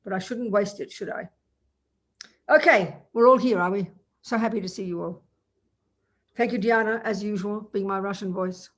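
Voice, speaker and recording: A woman's voice: mid-range voice, moderate pace, long pauses. Woman buddhist teacher, chatty, keeps asking the class stuff like "do we?". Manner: chatty, asks listeners rhetorical questions. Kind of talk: informal dharma teaching.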